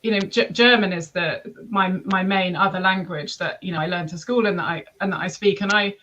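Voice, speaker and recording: A woman with an English accent, speaking thoughtfully on a panel with halting restarts. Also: medium pitch, fairly even intonation, fairly bright tone, lo-fi sound, a little hiss or hum. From England. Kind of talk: panel conversation.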